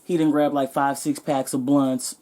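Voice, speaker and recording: A woman vlogger telling a comedic story in a sassy, animated, profane way. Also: extremely low pitch, moderate pace.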